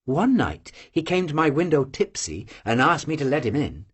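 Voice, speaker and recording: An audiobook reader voicing a proud, serious young Cossack woman who answers quietly and firmly. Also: mid-range voice, big pitch swings, moderate pace, husky, voice pushed down. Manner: quiet, firm, curt replies. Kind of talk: audiobook character voice.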